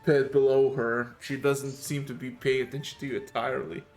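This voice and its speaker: A man guides his players through a tabletop scene, pausing and restarting as he searches for words. His voice sits at a middle pitch. Quiet music plays underneath. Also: little pitch movement. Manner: halting, restarts sentences while describing scenes. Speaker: game master. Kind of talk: narrating a tabletop game. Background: faint music.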